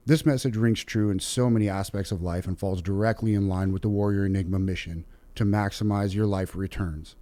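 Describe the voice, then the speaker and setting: A lower-voiced man hosts a podcast interview, chatty and quick to laugh. The sound is dry and close, with no room around it. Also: dry recording. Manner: energetic, laughs often, chatty. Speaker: podcast host.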